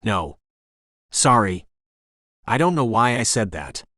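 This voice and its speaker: A man's voice: on the low side, very animated, slow pace, bright, forceful tone, dry recording, studio quality, heavily acted. A man doing a stammering nervous young guy. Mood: flustered. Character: nervous awkward young man, about twenty. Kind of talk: audiobook character reading.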